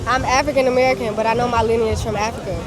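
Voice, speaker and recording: A woman from Detroit being interviewed at an outdoor festival, talking in a warm and confident way. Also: on the high side, fairly even intonation, racing. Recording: outdoors with crowd behind.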